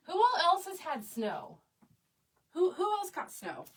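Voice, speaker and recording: A woman's voice: high-pitched, animated, unhurried, a bit bright. Chatty woman a bit far off. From Oklahoma. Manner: chatty, reads viewer comments aloud, laughs easily. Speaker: crafting live-stream host. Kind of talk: casual live-stream chat.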